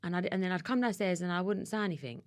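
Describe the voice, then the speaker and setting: A woman's voice: on the low side, animated, fast talker, a little mellow, clear, resonant tone, no room sound, studio quality. A woman in her thirties with an Essex accent, a podcast guest telling a personal story in an emotional, tumbling way with restarts. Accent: Essex English. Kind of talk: candid conversational interview.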